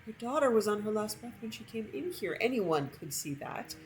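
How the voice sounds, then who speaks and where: A shy teenage girl, as a woman plays her, earnest and quick to apologise. Beneath her softness lies a steady, fiery streak. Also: medium pitch, slight background noise, pitched above the performer's own voice, lightly acted, low-quality recording. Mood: fierce.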